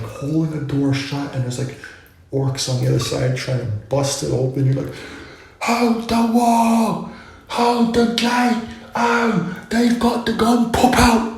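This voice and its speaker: A man's voice: mid-range voice, gravelly, mellow. A man vlogging, musing in a loose, rambling way full of asides. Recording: very echoey room.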